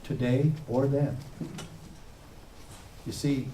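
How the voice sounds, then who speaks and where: A man, a former sheriff, giving an impassioned public speech with forceful, emphatic peaks. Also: medium pitch, fairly even intonation, extremely slow, slight background noise. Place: event room. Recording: echoey room heard from a distance.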